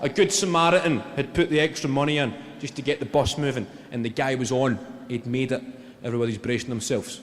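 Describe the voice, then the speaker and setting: Sweary stand-up comedian. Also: male voice, medium pitch, brisk, few pauses, long reverb tail. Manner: deadpan, sweary, rambling asides. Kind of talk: stand-up storytelling. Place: live comedy venue.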